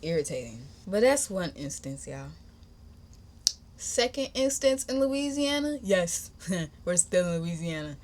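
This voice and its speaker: Casting: young woman, podcast host, casual storytime, animated and slangy, mid-pitched voice. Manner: chatty, animated, slangy, addresses listeners as y'all.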